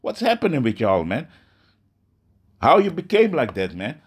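A man's voice: mid-range voice, wildly swooping pitch, normal speed, breathy edge. A man voicing the Heavenly Father greeting his people in Jamaican-style slang, teasing and exasperated.

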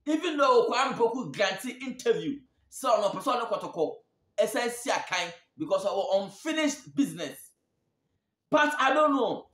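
A Ghanaian man with a high-pitched voice talks football in a casual, chatty way, going back over his points to press them home. He is heard in an echoey room. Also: a bit bright. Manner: chatty, repeats points for emphasis. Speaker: sports show host. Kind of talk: casual football talk, mixing Twi and English.

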